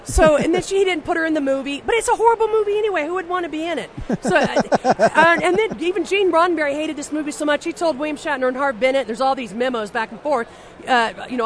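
High-voiced woman telling blunt stories. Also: fast. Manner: blunt, animated, profane, with frequent restarts. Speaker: interview guest, novelist. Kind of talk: casual anecdotal storytelling.

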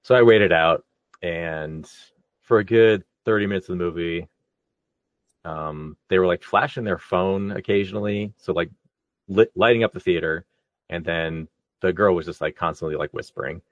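Laid-back man with a very deep voice. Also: normal speed, dry recording, highs cut off. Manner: laid-back, laughs while telling a story. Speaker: podcast co-host. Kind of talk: casual storytelling chat.

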